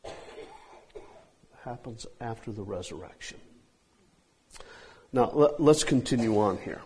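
A man preaching an expository sermon, emphatic, with drawn-out phrases and pauses. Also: lowish voice, expressive, a little mellow, breathy edge.

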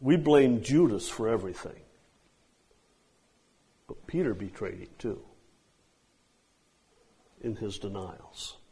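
A man preaching an expository sermon, emphatic, with drawn-out phrases and pauses. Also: on the low side, lively intonation, warm tone, husky.

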